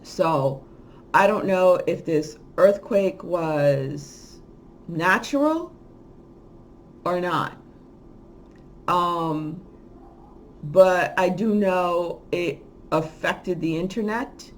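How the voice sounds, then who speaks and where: A woman's voice: lively intonation, drawn-out words, long pauses. Rambling woman with a heated, rising voice. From lives in Miami. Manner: starts quiet and low, grows loud and heated, ranting; rambling with frequent restarts and fillers. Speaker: spiritual channel host. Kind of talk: casual monologue.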